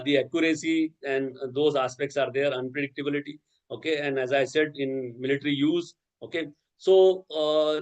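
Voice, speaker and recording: A man's voice: a little high, rough recording. A man giving an academic lecture, talking in a discursive way with many fillers, restarts and a habitual "okay".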